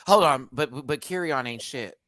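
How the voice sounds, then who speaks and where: A man co-hosting a live TV review, talking casually and theatrically, jumping from low murmurs to shrieked punchlines. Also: sharp tone, dry recording. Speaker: co-host of a live review show.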